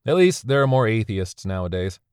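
A man's voice: fairly low pitch, sing-song, fairly quick, a little mellow, clean tone, dry recording. A man voicing a sardonic woman who captains an underworld ferry, speaking in a dry, weary, matter-of-fact way.

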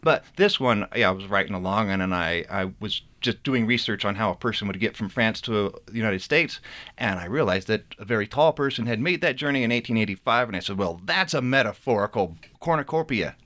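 A man's voice: on the low side, brisk. A man, an author, chatting playfully in an interview and reading his book aloud. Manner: playful, animated.

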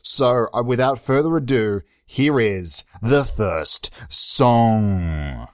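A young man hosting a solo comedy podcast, rambling and self-mocking with frequent restarts and sudden excited jumps in pitch. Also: unhurried, no room sound, clean studio sound. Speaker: podcast host.

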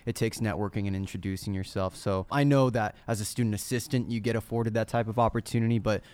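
A man's voice: lowish voice, steady tone, fast, a little mellow, clean tone. A man hosting a casual campus podcast, encouraging students and giving career advice. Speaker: career services host.

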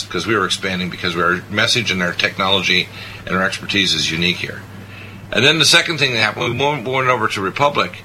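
A man hosting a health talk radio show as a doctor, proudly rattling off figures. His voice sits fairly low but cuts very bright and sharp. A faint hiss of noise lies under the talk. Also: rough recording. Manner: boastful, listing stats.

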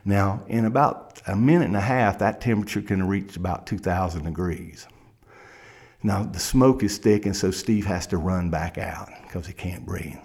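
A man's voice: sits low, normal speed, vocal fry, darkish tone, husky. A man with a Kentucky accent, a criminal defense lawyer, telling a courtroom story in a dramatic present tense.

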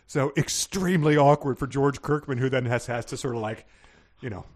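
A man co-hosting a podcast, joking in a casual chat with animated asides and laughter. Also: mid-range voice, brisk. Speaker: podcast co-host.

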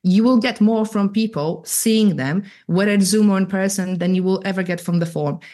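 A woman in her thirties from Poland with a light Polish accent, a photographer chatting as a guest in a casual, straight-talking, lively way. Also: medium pitch, normal speed. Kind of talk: casual interview chat.

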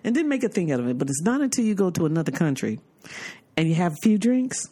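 A woman's voice: on the low side, quick pace, slightly rough. An American woman hosting a podcast in casual chat, telling stories and acting out family members as she goes. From United States. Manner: animated storyteller who acts out family members. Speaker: podcast host.

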